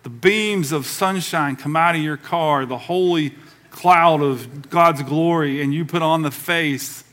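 A middle-aged pastor preaches to his church. His bright voice sits a little high, and he keeps it conversational, slipping into the voices of the people he quotes. The feel is a live sermon in a sanctuary. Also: unhurried.

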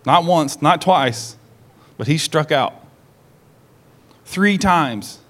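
A man preaching a sermon to a congregation in a church service. He is an animated storyteller who acts out the lines he quotes and asks the congregation direct questions. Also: fairly high pitch, drawn-out words. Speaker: pastor.

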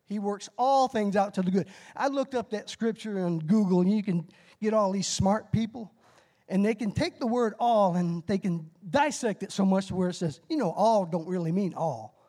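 Middle-aged lay preacher with a high, light voice. Folksy and fired up, calls for responses and whoops. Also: male voice, moderate pace. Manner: excitable, bursts into shouted whoops; folksy, self-deprecating about his nerves. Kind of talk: short timed sermon with call-and-response.

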